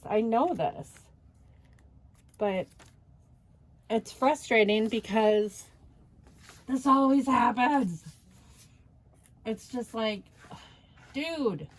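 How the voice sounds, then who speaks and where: A woman with a fairly high voice talks in an unhurried, casual voice-over while she crafts. She vents frustration, sighing now and then and letting out small rueful laughs. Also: rough recording. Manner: venting, retelling with quoted back-and-forth. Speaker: craft channel host.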